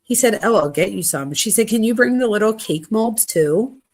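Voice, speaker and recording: A woman hosting a true crime channel, reading text messages aloud in a plain conversational voice with quick asides. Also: mid-range voice, lively intonation, a little mellow.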